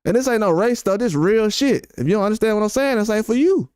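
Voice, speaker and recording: Heated, high-voiced male streamer ranting. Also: lively intonation, fast talker, darkish tone, clean tone, dry recording, studio quality. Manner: profane, blunt and repetitive. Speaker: boxing YouTuber host. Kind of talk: heated live-stream rant.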